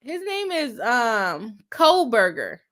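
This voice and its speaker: A woman's voice: on the high side, big pitch swings, takes it slowly, a bit bright. A young woman, a lawyer hosting a livestream, chatting casually, reading viewer comments and laughing often at herself.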